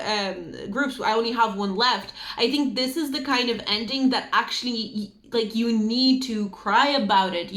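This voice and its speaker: A woman's voice: a little high, fairly bright tone. A woman giving an intuitive card reading to her viewers, earnest and emotional, rambling with many fillers. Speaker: tarot reader. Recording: echoey room.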